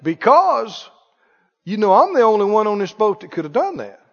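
A man preaching a sermon, animated, asking the congregation questions and acting out scenes. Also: high-pitched, moderate pace. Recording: reverberant church hall, dull lo-fi sound.

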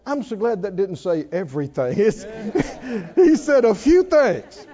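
A man preaching a sermon, swinging from near-shouts down to hushed tones, often laughing between lines. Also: high voice, sing-song, takes it slowly, dull audio. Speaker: pastor.

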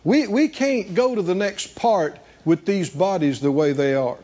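A man's voice: high voice, unhurried, warm tone, lo-fi sound. A man preaching a sermon, reading scripture and asking the congregation questions to answer back. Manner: call-and-response preaching, rhetorical questions, reading scripture aloud. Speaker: pastor.

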